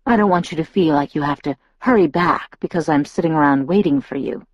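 A woman reading the lines of a gentle, restrained young man in an audiobook, speaking in a soft, measured murmur. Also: low voice, dry recording, muffled recording. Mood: calm.

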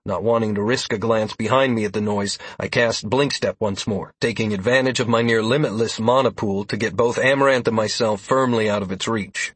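A man narrating a first-person fantasy audiobook in a steady, dramatic reading. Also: on the low side, brisk, few pauses, breathy edge, dry recording.

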